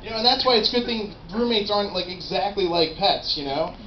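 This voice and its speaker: A young man with a fairly high voice does a rambling, animated stand-up routine, swearing freely. The recording is roomy and dull, with steady noise behind him. It sounds like a small live comedy venue. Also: brisk. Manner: rambling, animated, profane storytelling.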